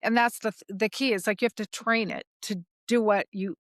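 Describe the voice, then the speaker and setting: A woman hosting a business podcast, chatting in an animated, anecdotal way. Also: mid-range voice, fairly quick, dry recording, studio quality. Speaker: podcast host. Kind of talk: casual interview chat.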